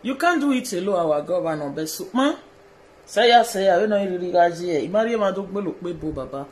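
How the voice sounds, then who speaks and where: High-voiced Nigerian man pleading earnestly. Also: expressive, a little fast, a little mellow. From Edo State, Nigeria. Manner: pleading and deferential, repeats phrases, mixes pidgin with colloquial English. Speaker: social media personality. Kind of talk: direct-address video message.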